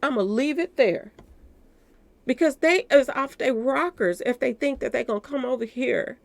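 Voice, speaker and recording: Gravelly woman chatting to viewers. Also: high-pitched, normal speed. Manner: talks straight to viewers, repeating "y'all". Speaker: commentary channel host. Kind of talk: casual commentary to viewers.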